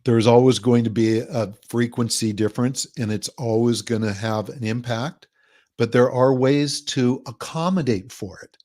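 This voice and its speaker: A man of ordinary pitch speaking as a guest on a talk show. He explains his ideas at length and livens up his voice to act out what other people say. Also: moderate pace, darkish tone. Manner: explains at length, acts out quoted people in a livelier voice. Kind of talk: conversational podcast interview.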